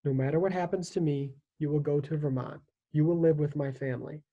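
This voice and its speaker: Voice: medium pitch, steady tone, fairly quick, dark tone, lo-fi sound, lightly acted. A reader voicing a caring Union soldier who speaks earnestly and steadily to a boy in his care. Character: caring Union soldier, protective of two children.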